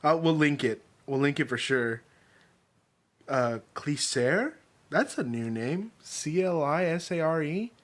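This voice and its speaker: A man's voice: on the high side, expressive, unhurried. A man co-hosting a casual podcast, joking, laughing and swearing freely. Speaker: podcast co-host.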